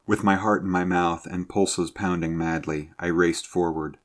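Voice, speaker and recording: A man reading a sea adventure story aloud in a measured, low-key narrating manner. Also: fairly even intonation.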